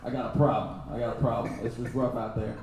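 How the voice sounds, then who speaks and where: A young adult man from Texas doing a loose, laughing stand-up set that keeps jumping into loud impressions. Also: medium pitch, level tone, fast talker, creaky. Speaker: stand-up comedian. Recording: very echoey room, faint noise.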